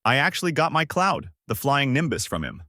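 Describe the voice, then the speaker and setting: A man's voice: mid-range voice, big pitch swings, a little fast, pushed and bright, no room sound, studio quality, pitched above the performer's own voice. A man voicing a cheerful, naive young fighter boy who talks simply and earnestly.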